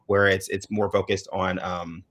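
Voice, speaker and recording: Low-voiced man, hesitant casual talk. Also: little pitch movement, a little slow, a bit bright. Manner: hesitant, many ums, searches for words. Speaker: co-host. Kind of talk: casual chat.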